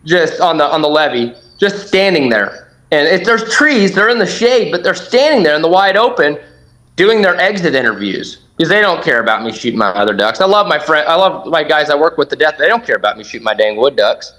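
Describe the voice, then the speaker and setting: A man guesting on a podcast, telling a hunting story with excited, animated energy and acting out his own shouts. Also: a little high, fairly quick, poor audio. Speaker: podcast guest, duck hunter.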